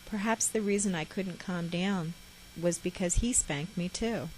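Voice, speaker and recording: Woman reading her own memoir, kinda low voice, calm and reflective, faint hum behind. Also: a little slow, low-quality recording. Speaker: memoir author.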